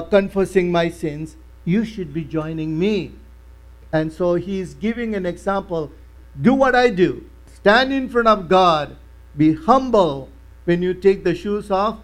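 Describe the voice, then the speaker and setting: A man preaching a sermon, emphatic and repetitive, explaining a Bible passage slowly. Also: on the high side, darkish tone, poor audio. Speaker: pastor.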